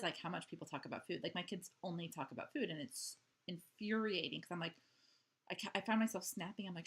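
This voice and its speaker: Here a vlogger with a voice on the low side and a fairly bright tone chats at home for her video diary. It's loose, rambling talk, heavy on "like" and "um" fillers.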